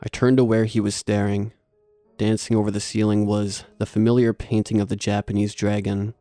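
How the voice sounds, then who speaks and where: A man narrating a horror story in a steady, measured read. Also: fairly low pitch, no echo, faint music behind.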